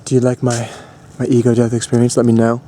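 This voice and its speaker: A young man vlogging, telling a long personal story in a rambling way, full of fillers and restarts, with bursts of excitement. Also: medium pitch, fast, a little hiss or hum. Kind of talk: casual storytelling vlog.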